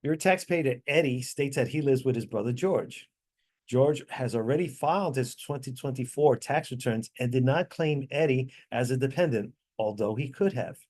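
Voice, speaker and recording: A man leading a tax training class over a video call, explaining answers step by step with frequent fillers and quick apologies. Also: medium pitch, darkish tone.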